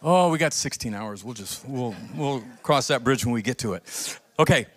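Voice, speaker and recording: A man pastor preaching a sermon, telling a story with acted-out quotes and building to emphatic, near-shouted points. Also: mid-range voice, normal speed. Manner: animated storytelling, acts out quoted voices.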